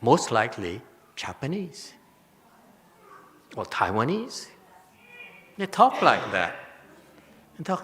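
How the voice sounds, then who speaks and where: Male Buddhist teacher, teasing and animated, bright tone, reverberant temple hall. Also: mid-range voice, takes it slowly, long pauses. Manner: animated, teasing, laughs often. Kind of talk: Dharma lecture with questions.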